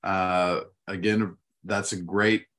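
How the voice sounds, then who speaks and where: Man, low voice, seminary teacher, casual chat, rambling, restarts. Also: slow pace. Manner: relaxed, rambling with fillers and restarts.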